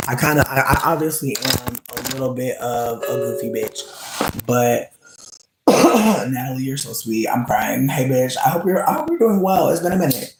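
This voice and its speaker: A man's voice: medium pitch, animated, normal speed, faint music behind. A man streaming and chatting with viewers, rambling and swearing with many fillers, often laughing as he talks. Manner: rambling, profane, full of "like" fillers; laughs often while talking. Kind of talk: casual livestream chat. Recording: roomy echo.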